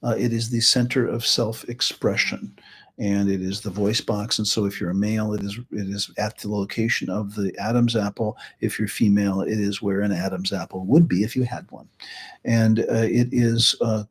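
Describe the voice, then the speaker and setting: A man's voice: lowish voice, fairly even intonation, moderate pace, breathy edge. A middle-aged man hosting a live teaching talk, chatty and rambling, with joking asides. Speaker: host and healing practitioner.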